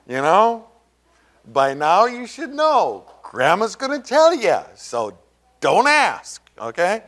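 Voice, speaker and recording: A man preaching a sermon as pastor, conversational and rambling, full of fillers and asides, and raising his pitch to act out quoted voices. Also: sing-song, measured pace, a bit bright.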